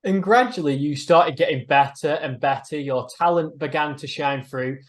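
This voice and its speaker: A man interviewing a fighter, speaking fluently and smoothly in well-formed lead-in questions. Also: fairly high pitch, moderate pace.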